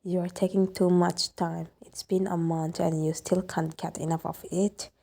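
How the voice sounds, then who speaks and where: Ice-cold possessive boss, curt, gravelly low voice, read by a woman. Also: flat delivery, moderate pace, mellow.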